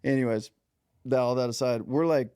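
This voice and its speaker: Male podcast host, mellow dark tone, dry close sound, chatty storyteller. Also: mid-range voice, a little fast, smooth, no echo. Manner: chatty, swearing anecdotes. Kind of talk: casual interview chat.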